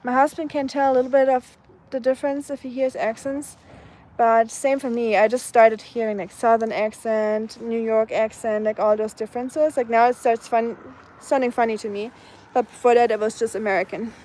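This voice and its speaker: Young woman, German accent, slightly high voice, casual chatty streamer, outdoors by phone with faint noise. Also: level tone, moderate pace, dark tone, low-quality recording. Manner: chatty, laughs often, reads and answers chat. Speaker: live streamer. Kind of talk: casual live stream chat. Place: outdoors, walking a dog.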